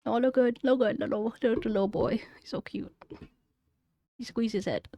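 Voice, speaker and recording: A woman's voice: a little high, steady tone, brisk, mellow, no echo. A woman streamer in casual chat who rambles and gropes for words, with many likes and ums.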